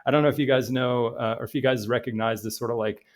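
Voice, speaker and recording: A man giving a rambling commentary, halting and repetitive, full of restarts and fillers. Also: medium pitch, steady tone.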